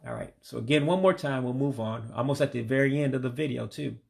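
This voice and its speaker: Gravelly man teaching vocabulary slowly. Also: mid-range voice, a little mellow. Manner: patient, repeats words slowly and drops his voice on the English meaning. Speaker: language learner teaching vocabulary. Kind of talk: casual spoken language lesson.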